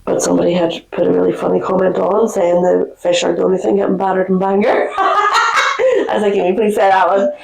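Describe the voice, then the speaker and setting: A woman co-hosting a podcast, telling stories in a chatty, animated way, a little under the weather from a cold. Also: lowish voice, fast talker, gravelly. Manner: chatty storyteller, animated quoting. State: recovering from a cold. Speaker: podcast co-host. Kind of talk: casual chat. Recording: echoey room.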